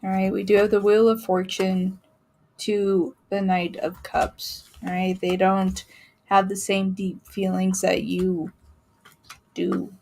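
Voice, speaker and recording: A woman with a gravelly, creaky voice hosts a live tarot reading. She talks loosely and cheerfully, breaking into laughs and leaning on fillers as she reads through the cards. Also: medium pitch, little pitch movement, slow, darkish tone. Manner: chatty, laughing, many fillers. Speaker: tarot reader.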